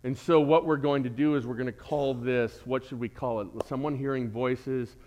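A man preaching a sermon as pastor, animated, with jokes and asides to the congregation. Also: medium pitch, normal speed.

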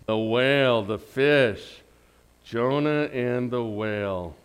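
A middle-aged man preaching a sermon in a conversational, joking way, asking the congregation questions and swinging between loud emphasis and quiet asides. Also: medium pitch, takes it slowly, clear, resonant tone. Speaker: pastor.

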